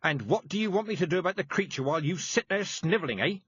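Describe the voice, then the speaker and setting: A man voicing a stern, sharp-tongued old woman witch who scolds bluntly and briskly. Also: sits high, expressive, husky, dry recording, dull audio, pitched above the performer's own voice, heavily acted. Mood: fierce.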